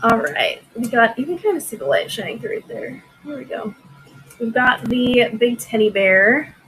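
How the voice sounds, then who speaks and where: A woman's voice: a little high, lively intonation, moderate pace, a bit bright, slight background noise, poor audio. A woman hosting a casual live-stream auction, chatting with viewers by name and laughing often.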